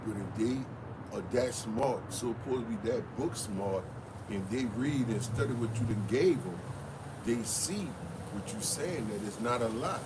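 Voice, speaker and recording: A man's voice: fairly low pitch, expressive, normal speed. A man in casual chat, backing up the pastor with short affirmations. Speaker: companion of the pastor. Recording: distant mic with background noise.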